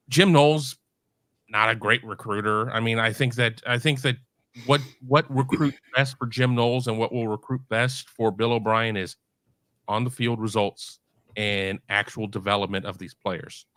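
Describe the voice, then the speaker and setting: Male podcast guest, low voice, emphatic, dry mic. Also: a bit bright, no room sound. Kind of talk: casual live podcast chat.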